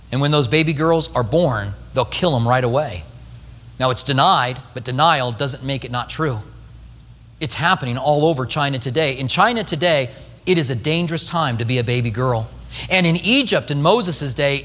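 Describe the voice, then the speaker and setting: A male pastor preaching a sermon, telling a story with lively acted-out quotes. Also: a little high, long reverb tail.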